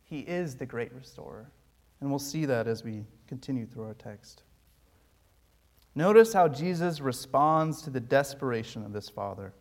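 A man's voice: medium pitch, expressive, normal speed. A man preaching a sermon as pastor, earnest and pleading with touches of dry humor.

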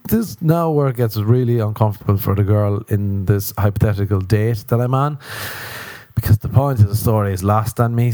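An Irish man rambles through a self-mocking, sweary story on his solo podcast. His voice sits low and mellow. The sound is dry and close. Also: dry recording. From Ireland. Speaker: podcast host.

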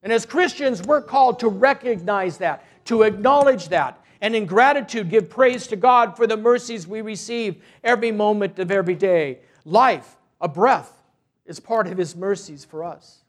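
Male priest with a high voice, earnest sermon storytelling, loose and conversational. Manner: earnest storytelling, unhurried, with restarts. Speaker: parish priest.

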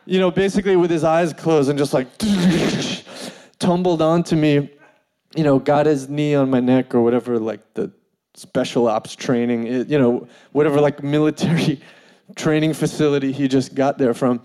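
A man telling a funny personal story in an animated way, full of fillers and laughing as he goes. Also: on the high side, moderate pace. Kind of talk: comedic storytelling.

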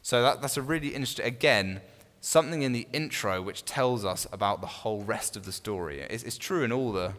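A man teaching a small Bible study group in a relaxed, conversational way, often restarting phrases and putting questions to his listeners. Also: mid-range voice, fairly quick, few pauses. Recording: long reverb in a room.

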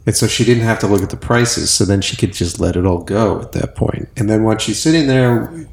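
Gravelly low-voiced male host. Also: a little fast, reverberant. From United States east coast. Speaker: podcast host. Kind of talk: casual conversation.

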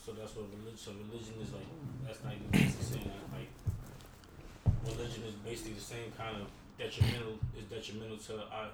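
A man speaks fast in a low, flat voice, stopping and restarting as he sums up the point. He is picked up from far across an echoey room, with clear noise under him. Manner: quick, halting, restarts to summarize. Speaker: participant in the discussion.

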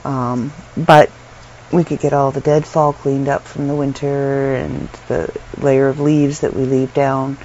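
A middle-aged woman from Canada rambles casually from her bedroom, tired and unwell but chatty, filling gaps with ums. Her voice has a gravelly, creaky edge at a middle pitch. The recording sounds dull and lo-fi with a faint hiss of room noise. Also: flat delivery, a little slow, a little mellow. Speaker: vlogger. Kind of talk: casual chat to camera.

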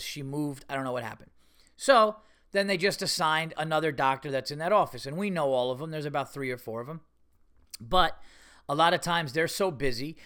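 Bright-voiced man ranting profanely. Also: fairly high pitch, clear, resonant tone. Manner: profane, heated, mimics others' voices. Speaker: podcast host. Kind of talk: ranting monologue.

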